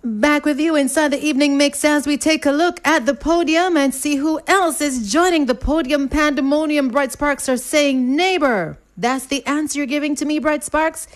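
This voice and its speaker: A woman's voice: high voice, normal speed, hardly any pauses. A woman hosting a radio quiz, reading listeners' answers in a playful, rhyming patter.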